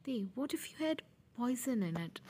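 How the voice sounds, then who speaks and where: A woman's voice: fairly high pitch, very animated, normal speed, dark tone, breathy edge. A woman voicing a sassy, defiant young man held captive in a fan audio drama.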